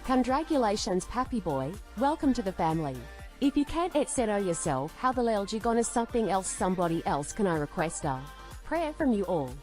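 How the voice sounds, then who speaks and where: A woman's voice: mid-range voice, sing-song, a little fast, a little mellow, soft background music. Theatrical woman hosting a mock awards show. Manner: theatrical, mock-grand, cheeky swearing. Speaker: podcast host. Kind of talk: comedic mock award announcement.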